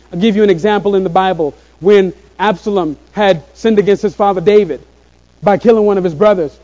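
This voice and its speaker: A man preaching a sermon to a room of listeners, earnest and slowing down on key phrases. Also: sits high, mellow, muffled recording. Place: room with a congregation.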